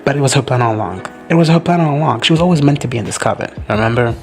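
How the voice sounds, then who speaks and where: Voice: medium pitch, lively intonation, racing, soft background music. A host giving a casual, profane reaction recap, gushing and quoting characters in playful asides.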